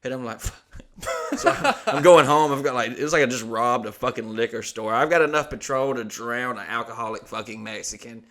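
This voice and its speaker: A man's voice: medium pitch, a little fast, hardly any pauses, a bit bright. A man in his thirties telling crude, joking stories as a podcast co-host. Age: 30s. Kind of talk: casual comedy podcast chat.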